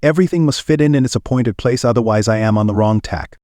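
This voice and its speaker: A man's voice: medium pitch, fast, dark tone, no room sound, studio quality, close to an everyday voice. A man voicing Poirot, a fussy precise detective.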